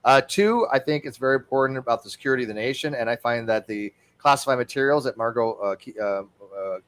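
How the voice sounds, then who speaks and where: A man hosting a casual livestream panel chat, animated, swearing casually and stammering through fillers. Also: medium pitch, fast talker. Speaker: livestream host.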